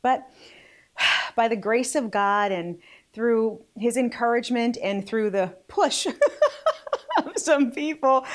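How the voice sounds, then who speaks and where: Chatty self-deprecating woman vlogger. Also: fairly high pitch. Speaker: vlog host. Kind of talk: casual faith vlog.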